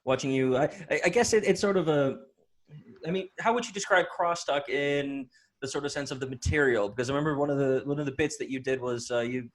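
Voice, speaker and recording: A man's voice: mid-range voice, quick pace. A man hosting a casual interview, asking hesitant questions full of fillers. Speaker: interview host.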